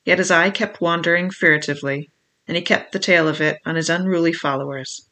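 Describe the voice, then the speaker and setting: A reader giving steady first-person audiobook narration of an adventure novel. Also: mid-range voice, a little fast.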